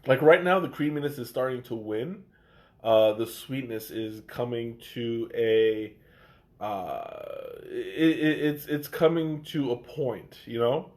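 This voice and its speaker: A man's voice: medium pitch, takes it slowly, a little mellow. A man chatting casually on a live stream, tasting tea, with a congested voice and a hesitant delivery full of fillers and restarts. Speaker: livestream tea taster.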